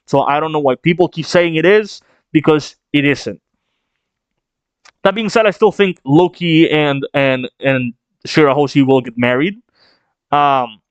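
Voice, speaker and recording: An animated, chatty man reads a manga chapter aloud and speculates about what it means. His voice sits a little high and the recording is dry and close, with no room sound. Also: clean tone, no echo. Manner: animated, chatty, thinking out loud. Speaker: manga reaction streamer. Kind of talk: manga reading reaction and speculation.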